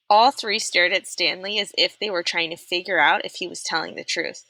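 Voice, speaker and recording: A young adult woman reading a children's novel aloud, expressive and animated, putting on character voices. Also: fairly low pitch, fairly quick, vocal fry, few pauses, no echo. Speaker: storyteller reading a chapter book aloud.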